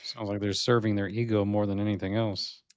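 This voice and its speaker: A man's voice: fairly low pitch, flat delivery, brisk, clear, resonant tone, no room sound, lo-fi sound. A man co-hosting a podcast, speaking casually in short, laid-back reflective comments. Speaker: podcast co-host. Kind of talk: casual conversational podcast chat.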